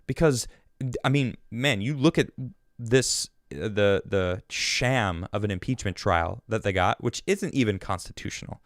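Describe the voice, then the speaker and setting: A man's voice: on the low side, expressive, unhurried, no echo. Man, show host, indignant commentary, rambling, dry recording. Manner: indignant, exasperated, rambling with restarts. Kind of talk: political commentary monologue.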